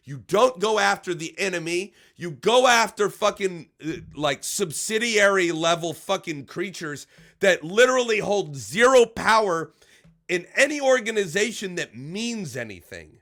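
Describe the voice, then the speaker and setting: A man giving heated, profane reaction commentary, dropping to low mutters and then shouting, stammering over his words when worked up. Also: very animated, slow pace. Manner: stammering restarts when agitated. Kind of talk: angry ranting commentary.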